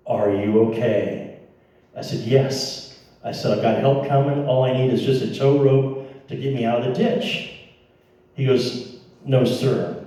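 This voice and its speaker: A mellow, mid-range male voice from the American Midwest tells an audience a dramatic personal story. He acts out the dialogue and makes direct asides to listeners, sounding distant in an echoey room.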